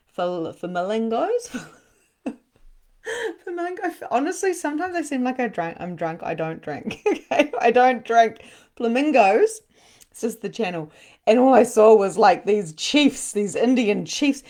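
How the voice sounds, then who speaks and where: A middle-aged woman acts as a medium on a live-stream spiritual session, channeling in a casual, chatty style. Her voice is medium in pitch, and she laughs often and breaks out in sudden bursts of excitement.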